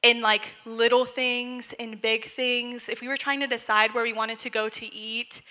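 Young woman, candid church testimony, chatty filler-heavy talk, higher pitch, crisp bright voice. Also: flat delivery, moderate pace, long reverb tail. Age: young adult. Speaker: testimony speaker. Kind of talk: personal testimony.

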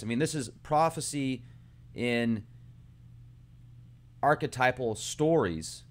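A man hosting his own video channel, talking through a film's symbolism in an earnest, animated monologue. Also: mid-range voice. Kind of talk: casual monologue analysis.

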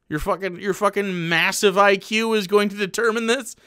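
A man's voice: high voice, normal speed, hardly any pauses, clean tone. A man streaming live, ranting sarcastically and profanely as he reacts to a clip. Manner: sarcastic, profane, animated rants.

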